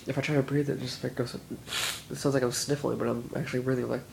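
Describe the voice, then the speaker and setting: Stuffy-nosed young man rambling, flat voice. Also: mid-range voice, quick pace, vocal fry, noisy background. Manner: rambling, full of "dude" and "like", many restarts. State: sick with a stuffy nose. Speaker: vlogger. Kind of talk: casual chat.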